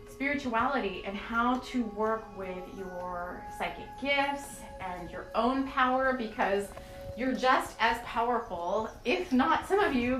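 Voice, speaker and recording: A woman hosting a spiritual podcast, talking in an earnest, rambling and emotional way with many fillers. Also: a little high. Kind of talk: channeled spiritual podcast talk. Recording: echoey room with soft music.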